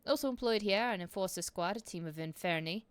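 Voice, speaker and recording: A woman's voice: mid-range voice, quick pace, clean tone, dry recording, close to an everyday voice. A woman voicing a stern male enforcer captain, officious and scornful, reading game dialogue aloud in stiff formal speech.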